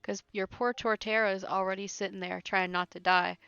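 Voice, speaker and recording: A woman's voice: medium pitch, level tone, a little fast, gravelly, bright, forceful tone, clean tone, no echo. A woman streaming a game, chatting casually, rambling with lots of fillers and laughing often. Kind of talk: casual chat while playing a game live. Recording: dry, slightly muffled with faint music.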